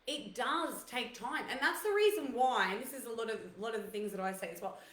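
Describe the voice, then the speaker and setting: A woman's voice: fairly high pitch, fairly bright tone. A woman hosting a casual chat show, talking freely and telling stories with lots of fillers and asides. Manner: chatty, storytelling with fillers and quoted asides. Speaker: host. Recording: roomy echo.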